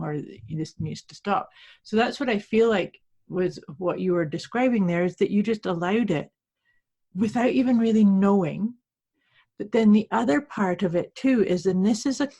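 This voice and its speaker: Calm woman coach, reflective. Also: medium pitch. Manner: calm, reflective, gently explaining. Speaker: podcast co-host and coach. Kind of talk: casual conversation.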